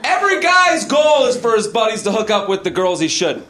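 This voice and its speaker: A man performing a stand-up comedy set, animated and shouting out the lines he mimics. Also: high voice, brisk. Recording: live club set with audience noise. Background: audience laughter.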